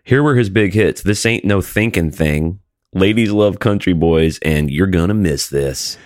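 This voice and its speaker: A man in casual comedic chat, wry and animated, reading facts aloud with sarcasm. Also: deep voice, a little slow, no room sound, clean studio sound.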